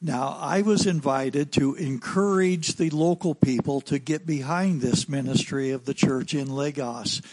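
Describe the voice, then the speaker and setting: An American man preaching a sermon, telling a story in an unhurried anecdotal way with some fillers. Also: fairly high pitch, background noise. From United States.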